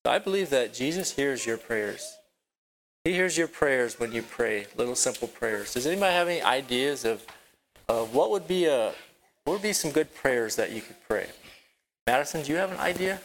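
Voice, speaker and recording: A man teaching a children's Bible lesson at a rural property with a barn. He tells the story haltingly, repeats his words and asks the children questions. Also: mid-range voice, animated, a little hiss or hum, rough recording.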